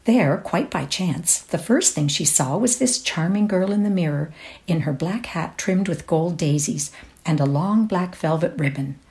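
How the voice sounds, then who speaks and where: A woman reading a classic short story aloud in a measured, expressive way. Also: fairly low pitch. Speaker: reader.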